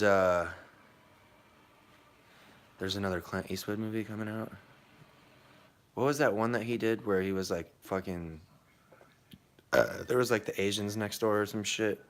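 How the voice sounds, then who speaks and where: A man's voice: on the low side, steady tone, measured pace, pauses often, a bit bright, smooth. A young American man telling a long story in a casual vlog, rambling and swearing, with many fillers and restarts. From United States. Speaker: vlogger.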